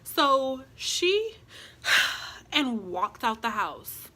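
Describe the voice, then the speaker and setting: A young woman vlogger telling a long story in a casual, animated way and acting out what other people said. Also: high voice, drawn-out words.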